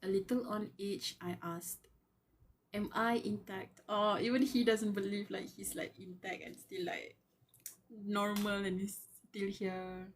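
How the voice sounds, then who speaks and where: Speaking at a measured pace in a medium pitch with fairly even intonation, a woman reads a web novel live against slight background noise. Her excited asides are full of fangirl squeals, laughter and musings, and she chats with the characters themselves.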